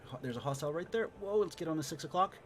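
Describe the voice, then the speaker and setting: A man streaming a flight sim, explaining his systems and muttering excited remarks while he fights. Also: on the high side, very fast, noisy background. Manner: excitable, mutters to himself mid-dogfight. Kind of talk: live gameplay commentary and tutorial.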